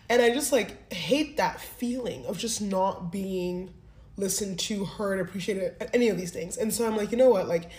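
A woman's voice: mid-range voice, darkish tone. Woman, twenties, casual candid vlog storytelling, rambling delivery, echoey room. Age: 20s. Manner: candid, rambling, heavy use of "like". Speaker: vlogger. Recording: roomy echo.

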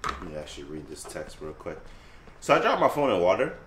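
Hoarse young man in excitable gaming banter. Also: low voice, echoey room, background noise. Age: 20s. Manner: casual, profane, excitable banter. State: sick, voice hoarse. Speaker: gamer. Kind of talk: let's-play commentary.

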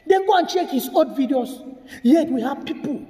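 A man's voice: extremely high pitch, expressive, moderate pace, warm tone, reverberant, big-room sound. A man talking to his viewers in an emotional video commentary, tearful and repeating himself as he appeals to them. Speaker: vlogger.

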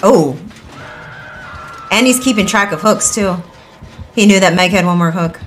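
A young woman streaming a game, excitable and swearing, with bursts of laughter. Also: mid-range voice, a little slow, soft background music. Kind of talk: live game stream commentary.

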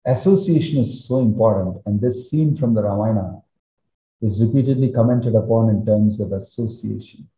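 A man, a spiritual teacher, giving an animated storytelling sermon with casual asides. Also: on the low side, moderate pace, slight background noise. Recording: roomy, slightly muffled recording.

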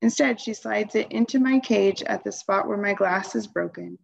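A woman reading a children's novel aloud in a calm, even storytelling voice. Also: medium pitch, moderate pace, creaky, lo-fi sound. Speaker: reader.

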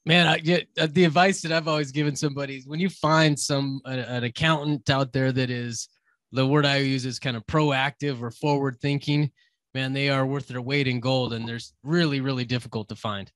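Relaxed male podcast host, dry sound. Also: mid-range voice, a little fast, no echo. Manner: relaxed, conversational, uses many fillers. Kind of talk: interview questions.

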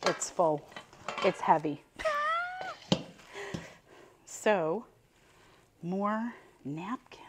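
With a low-pitched, slightly mellow voice, an older Buffalo, New York woman chats casually while unboxing mystery boxes to resell, exclaiming at each item for her viewers. Slight background noise is present.

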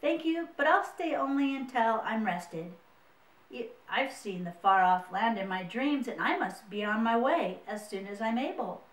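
An eager young boy mouse with big dreams, as a woman reading aloud puts him on, polite and earnest, his voice sitting a little high. The room around him rings, heard from a step back off the mic. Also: lively intonation, measured pace, distant mic. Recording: roomy, mic set away.

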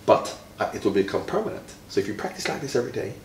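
A very deep-voiced Jamaican man in his fifties, a retired footballer being interviewed, chats playfully with a child in a friendly teaching way, quizzing her and dragging out words for emphasis. His voice swings widely in pitch and is creaky and a little mellow. He's set back from the mic in an echoey room, with faint noise behind him.

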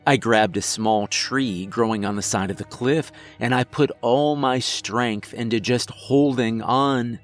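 A man narrating a first-person horror story in a measured storytelling manner. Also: medium pitch, soft background music.

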